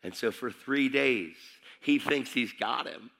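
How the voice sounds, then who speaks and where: Passionate guy preaching, bright sharp voice, emphatic, repeats stuff. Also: medium pitch, unhurried, creaky. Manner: passionate and emphatic, repeats phrases, swings from hushed to shouting. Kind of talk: sermon.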